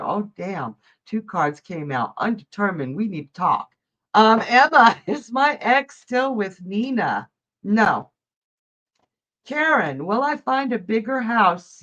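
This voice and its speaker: A woman's voice: mid-range voice, fairly bright tone, highs cut off. Woman doing live tarot readings. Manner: chatty, laughs often, reads viewers' questions aloud. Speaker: psychic livestream host.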